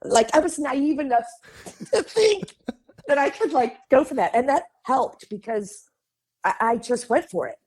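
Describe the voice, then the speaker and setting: A woman from Chicago with a Midwestern accent, a guest on a podcast, telling chatty and animated stories, laughing often and acting out the voices of people she quotes. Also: sits high, measured pace, slightly rough. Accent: Midwestern American. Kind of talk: casual interview storytelling.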